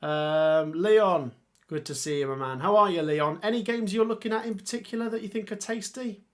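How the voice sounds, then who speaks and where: A man hosting a casual football livestream, reading viewer comments and reacting with excitable exclamations. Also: high-pitched, normal speed. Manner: chatty, excitable, exclaims often.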